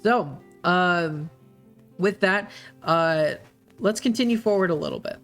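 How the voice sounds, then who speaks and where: A game master running a tabletop game in a relaxed way, with many fillers and pauses. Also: mid-range voice, faint music behind.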